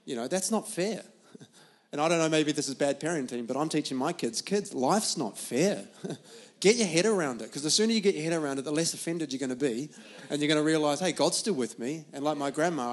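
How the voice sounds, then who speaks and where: A man's voice: a little high, fast. A man hosting a church panel Q&A, chatty and enthusiastic, laughing often. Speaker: church host.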